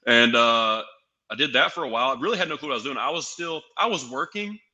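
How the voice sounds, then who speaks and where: A man's voice: mid-range voice, fast. A young man from Tennessee, a guest on a podcast, telling a story and acting out the dialogue in it. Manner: animated, acts out quoted dialogue. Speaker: guest, pro wrestler and sales executive.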